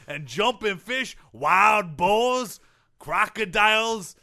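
A man playing a swamp tour guide in a comedy sketch, with a high, bright voice and a thick put-on Cajun drawl. He rambles with folksy bravado. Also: animated, slow, vocal fry, exaggerated voice. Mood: rambling. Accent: put-on Cajun (Louisiana). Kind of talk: improvised sports-radio comedy bit.

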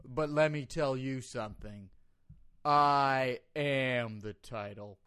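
A man putting on a brooding wrestling villain who pushes his voice as low as it will go. He speaks slowly and deliberately, with a slight lisp. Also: a bit bright, no echo, clean studio sound. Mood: menacing. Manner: slow, deliberate, forced low voice. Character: brooding male wrestling villain, slow and menacing.

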